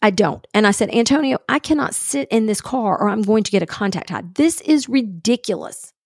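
A woman's voice: a little high, a little fast, husky, no room sound, clean studio sound. A woman co-hosting a podcast, telling a story in casual chat and acting out the other people's lines. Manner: animated storyteller, acts out quoted dialogue. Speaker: podcast co-host.

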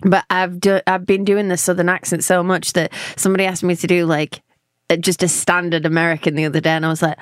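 A woman's voice: on the low side, flat delivery, dry recording. Giggly English woman, dry sound. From England. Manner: quick, giggly, playful. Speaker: singer and guest. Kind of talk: casual interview chat.

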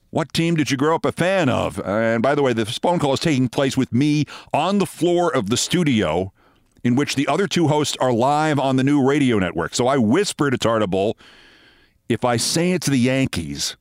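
An older man hosting a show, telling a long anecdote in a wry, brisk storytelling manner. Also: medium pitch, animated, no echo, clean studio sound. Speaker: host. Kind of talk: storytelling monologue.

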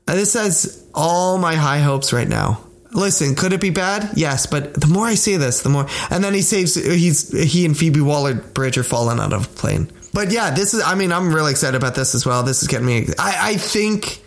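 A young man co-hosting a casual podcast chat, animated and joking, acting out silly bits in put-on voices. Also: a little high, normal speed, creaky, hardly any pauses. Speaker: podcast co-host.

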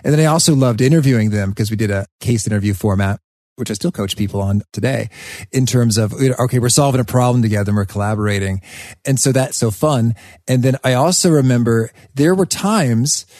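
A man's voice: mid-range voice, brisk, no room sound, studio quality. A man hosting a casual podcast conversation, telling stories with enthusiasm. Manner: enthusiastic, animated storytelling. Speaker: podcast host.

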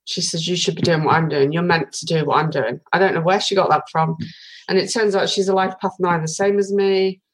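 A woman from Britain in her forties tells a long story as a podcast guest, full of ums and restarts. Her voice sits a little low. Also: fairly even intonation, a little fast, poor audio. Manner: chatty storytelling with many fillers. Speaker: guest, tarot reader. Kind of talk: casual podcast interview.

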